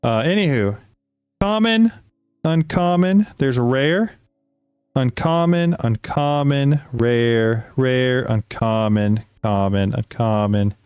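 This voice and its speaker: Chatty excitable man opening trading cards. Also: medium pitch, slow, smooth, no echo. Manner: excitable, chatty, talks to the viewers, reads card text aloud. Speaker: card-opening video host. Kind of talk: casual card-opening commentary.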